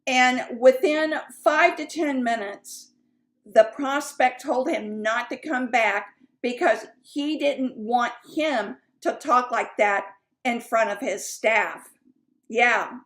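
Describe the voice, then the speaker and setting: A woman sales coach teaching in a chatty, candid way, with fillers and asides. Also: high voice. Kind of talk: casual teaching talk.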